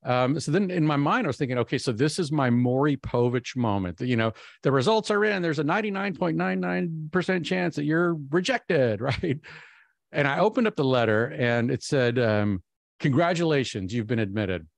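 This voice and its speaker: A man giving a keynote speech, telling a personal story in an animated way and acting out his own inner voice. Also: on the high side, normal speed, gravelly, dry recording. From Texas. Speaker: keynote speaker.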